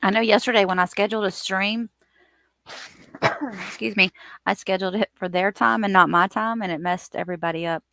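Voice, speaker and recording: A woman hosting a casual live stream, chatting and greeting her viewers by name in an animated way. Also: fairly quick, long pauses, no echo, clean studio sound. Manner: animated, lively swings in pitch and loudness.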